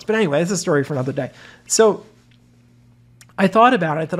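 A man's voice: high voice, expressive, quick pace, long pauses. Chatty man hosting a webinar. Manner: chatty storytelling with many asides. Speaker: webinar host. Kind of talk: webinar sales talk.

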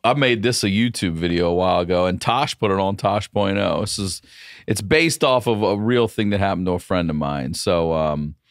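A man from Baltimore, a comedian guest on a podcast, who tells stories in a lively way and acts out the people in them. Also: low-pitched, no room sound, clean studio sound. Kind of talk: casual comedic storytelling.

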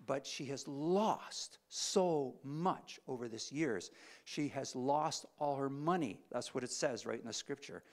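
A man preaching a sermon, retelling a scripture story with animated, swelling emphasis. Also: medium pitch, vocal fry.

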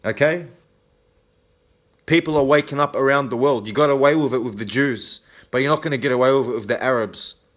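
Speaking quickly in a mid-range, fairly bright voice, an Australian vlogger angrily confronts the camera. He swears constantly and keeps tagging his points with a combative "okay?".

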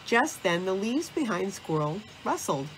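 A woman narrating a children's storybook, reading in a slow, deliberate way. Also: mid-range voice, sing-song, slight background noise.

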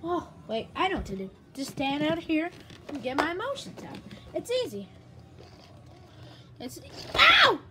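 A woman with a very high, lively voice acts out toy scenes, jumping between voices with excitable outbursts. A faint hiss sits under the recording. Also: normal speed. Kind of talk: toy play with character voices.

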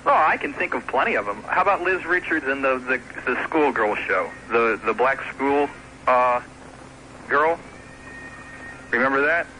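A man's voice: medium pitch, expressive, normal speed, sharp tone, slight background noise, poor audio. A man calling in to a radio talk show, rambling and chuckling as he picks his nominations. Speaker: caller. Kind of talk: phone-in chat.

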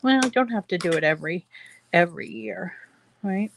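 A woman's voice: fairly low pitch, expressive, moderate pace, gravelly, slight background noise. A woman hosting a casual craft tutorial, chatting to her viewers in a rambling way with many fillers. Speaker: craft show host.

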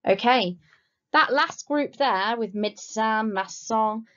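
A woman teaching a recorded school French lesson, explaining patiently and slowing down to say the French words clearly. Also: fairly high pitch, fairly bright tone. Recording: slightly dull lo-fi recording.

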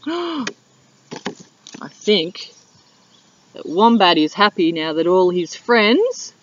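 Primary teacher reading a picture book to children, slow, lively pitch, lo-fi. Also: female voice, far from the mic. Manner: animated, drawn-out teacher talk. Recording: dull lo-fi video sound.

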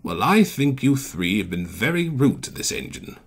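A man voicing a calm, wise older engine. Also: medium pitch, normal speed, gravelly, slight background noise. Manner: calm, reproving, explaining.

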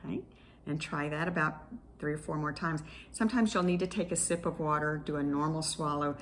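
Woman therapist, low voice, patient clinical explainer, faint hiss behind, instructional class tone. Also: a little fast. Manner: patient, explanatory, clinical terms with small restarts. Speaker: speech-language pathologist teaching an exercise class.

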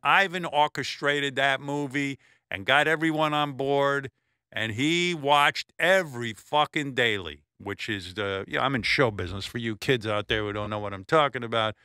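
Forceful, sharp-voiced male radio host. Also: medium pitch, normal speed, clean tone, no room sound, clean studio sound. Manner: blunt, profane, animated storytelling with lots of asides. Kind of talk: casual storytelling tribute.

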